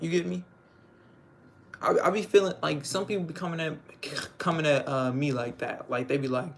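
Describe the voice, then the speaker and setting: There's some vocal fry in this young man's slightly high voice as he talks fairly quickly on a casual livestream, with slight background noise. He rambles, uses plenty of slang, and keeps asking his viewers "you know what I'm saying."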